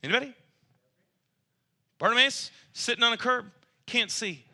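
A male preacher delivering a sermon in a high voice. His tone is very bright and sharp. He talks in an animated way, acting out the people in his story and climbing toward near shouts. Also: normal speed.

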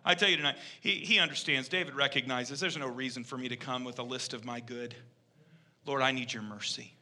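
Bright-voiced preacher swinging loud to hushed. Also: male voice, medium pitch, fairly even intonation, quick pace. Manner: swings between loud emphatic peaks and hushed intensity. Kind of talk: sermon.

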